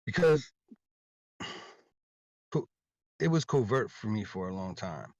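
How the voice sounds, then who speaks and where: A rambling, insistent man with a lowish voice tells his story in loose casual talk, stumbling over repeated words. The audio is dull and lo-fi, with a dry, close sound. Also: big pitch swings, takes it slowly, a little mellow, no room sound. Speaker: interview guest.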